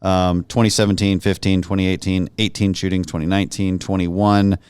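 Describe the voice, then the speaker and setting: A man's voice: low voice, fairly quick, smooth, dry recording. A man hosting a podcast interview, chatting casually and jokingly with plenty of fillers. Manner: relaxed, joking, many fillers. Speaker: podcast host, congressman.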